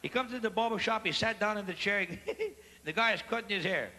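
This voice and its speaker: A man with a Cajun accent doing live stand-up storytelling on a theater stage, loud and animated as he acts out the people in his jokes. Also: high voice, fairly quick. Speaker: stand-up comedian. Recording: long reverb of a live theater hall.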